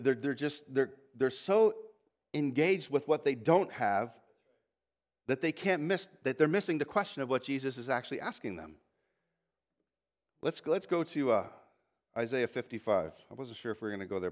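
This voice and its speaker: A male pastor delivering a sermon in a church, talking in an animated way and breaking into asides and restarts. His voice sits at an ordinary middle pitch, and it lifts higher and louder whenever he reads scripture aloud. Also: normal speed, long pauses. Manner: rises in pitch and volume when reading scripture aloud. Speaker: lead pastor. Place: church sanctuary.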